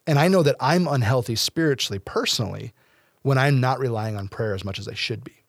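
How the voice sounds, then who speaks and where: A man in casual conversation about faith, speaking earnestly and at length. He drifts into playful asides now and then. His voice sits at a middling pitch and sounds dry and close to the mic. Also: expressive, a little fast, vocal fry, dry recording.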